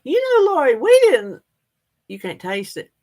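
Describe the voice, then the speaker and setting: A woman's voice: fairly high pitch, huge pitch swings, measured pace, darkish tone. A woman hosting a casual livestream, chatting folksily with viewers and laughing often. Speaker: livestream host. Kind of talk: casual live chat reading comments.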